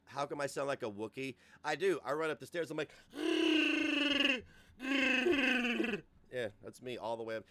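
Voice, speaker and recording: A man's voice: medium pitch, fast talker, few pauses, a little hiss or hum. A man in his forties hosting a casual livestream rant, profane and mocking, often laughing. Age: 40s. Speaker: host.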